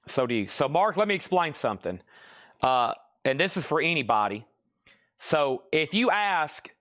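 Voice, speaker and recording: A man's voice: on the high side, fairly bright tone. A man with a Southern US accent hosting a live record sale, chatting in a rambling, easygoing way and laughing often. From American South. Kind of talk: casual live-stream selling chat.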